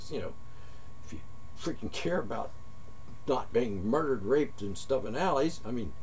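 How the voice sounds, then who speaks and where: A man's voice: mid-range voice, slight background noise. A man delivering a heated, profane monologue rant straight at his listeners. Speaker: vlogger.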